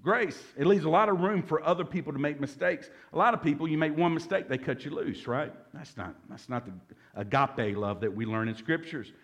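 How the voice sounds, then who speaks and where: A man's voice: a little high, expressive, brisk, a bit bright. A man in his forties preaching a conversational sermon as pastor, joking and calling out to the congregation. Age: 40s. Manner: conversational, joking, calls for audience response.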